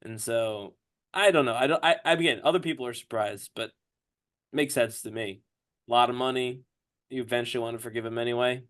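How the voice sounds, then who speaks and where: A man's voice: medium pitch, steady tone, a little fast, a bit bright. Man, podcast host, casual, hesitant and rambling, mid-range voice. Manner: rambling, hesitant, many fillers and laughs. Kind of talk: casual chat.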